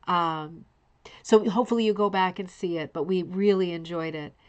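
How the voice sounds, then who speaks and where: A woman's voice: fairly low pitch, moderate pace, smooth, highs cut off. A woman hosting a casual live online show, talking effusively and addressing viewers by name. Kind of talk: casual livestream commentary.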